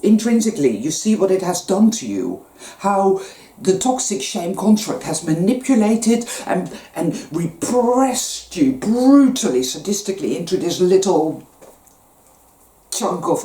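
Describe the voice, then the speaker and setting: A woman's voice: fairly low pitch, big pitch swings, unhurried, dark tone. A woman giving an intense, emotional spiritual monologue, gasping at times and swearing now and then. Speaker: spiritual vlogger. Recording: echoey room.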